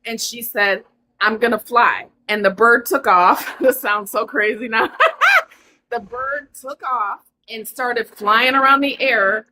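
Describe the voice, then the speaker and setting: A woman calling in to a live show, telling an emotional personal story in a rushed, earnest, apologetic way. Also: fairly high pitch, pushed and bright, a little hiss or hum, low-quality recording. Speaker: caller.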